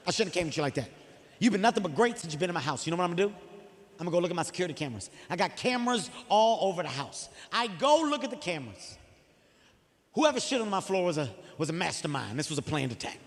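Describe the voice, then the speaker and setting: A man in his forties doing stand-up, telling a story in an animated, exasperated way with profane outbursts. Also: high voice, big-room sound. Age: 40s. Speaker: stand-up comedian.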